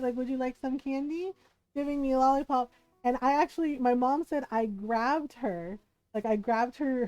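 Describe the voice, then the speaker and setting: A chatty woman from the Philippines telling stories to her live-stream audience, laughing often and slipping into the voices of the people she quotes. Her voice sits a little high and sounds mellow and warm. The recording is dry and close, with soft music playing underneath. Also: dry recording, highs cut off. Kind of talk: casual storytelling to a live stream.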